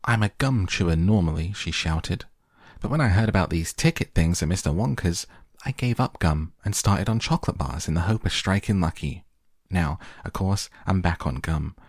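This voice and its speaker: A loud, boastful young girl who never stops bragging, read out by a man. The voice sits very low with a gravelly edge. It is recorded dry and close. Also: lively intonation, dry recording. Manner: boastful rapid chatter. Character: loud brash gum-chewing young girl.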